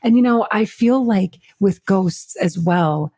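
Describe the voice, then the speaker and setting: A woman's voice: mid-range voice, lively intonation, slow, warm tone, husky, dry recording, clean studio sound. A middle-aged woman co-hosting a podcast in casual chat, frank and chatty, swearing now and then. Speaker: podcast co-host.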